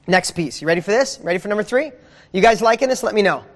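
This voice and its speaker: A man leading a motivational session for a members' group, fired up and preachy, throwing out rapid questions and swearing casually. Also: high voice, expressive, in a large hall. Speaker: success coach hosting a members' group. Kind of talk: energetic motivational livestream.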